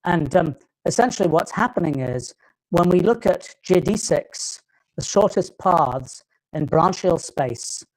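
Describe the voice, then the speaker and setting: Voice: mid-range voice, lively intonation, a little slow, poor audio. A lecturer with a British accent giving a live technical talk, often stopping and restarting phrases while thinking aloud.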